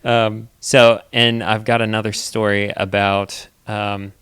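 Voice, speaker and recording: A young man co-hosting a podcast in casual chat, telling stories in an animated way. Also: fairly low pitch, slow pace, clear, resonant tone, no room sound. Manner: animated storytelling with big quoted voices. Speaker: podcast co-host.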